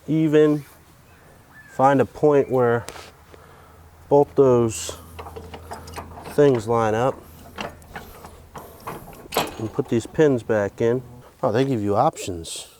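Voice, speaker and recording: A man's voice: mid-range voice, steady tone, takes it slowly, long pauses, noisy background. A man hosting a farm vlog, talking himself through fixing a tractor, profane and joking. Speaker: DIY farm vlog host. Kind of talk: casual narrated self-talk while working.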